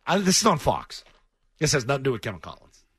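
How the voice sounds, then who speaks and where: A man's voice: mid-range voice, very animated, quick pace, fairly bright tone, breathy edge, no room sound, clean studio sound. A man co-hosting a sports talk radio show, blunt and opinionated, often cutting in. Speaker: radio co-host.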